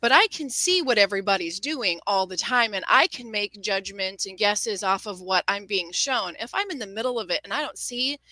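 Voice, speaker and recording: A woman's voice: medium pitch, lively intonation, moderate pace, hardly any pauses, bright, forceful tone, dry recording, low-quality recording. A woman co-hosting a podcast, talking through TV strategy in a thoughtful, analytical way. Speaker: podcast co-host. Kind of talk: casual chat.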